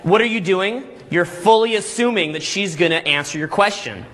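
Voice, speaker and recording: A man coaching a live seminar group, talking energetically and checking in constantly with "okay?" and "all right?", sometimes acting out quick scenes. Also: sits high, lively intonation, fairly bright tone. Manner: acts out little scenes in quick put-on voices. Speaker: dating coach and boot camp instructor.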